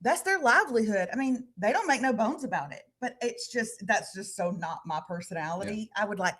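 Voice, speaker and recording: A woman hosting a podcast in casual chat, animated and joking. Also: mid-range voice, fairly quick, few pauses, slightly rough. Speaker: podcast host. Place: live podcast recording.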